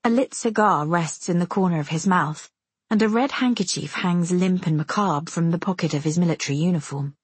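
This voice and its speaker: A woman reading a first-person story aloud with measured, intimate storytelling. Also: fairly low pitch, slightly rough, no room sound. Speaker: audiobook narrator. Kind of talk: first-person audiobook narration.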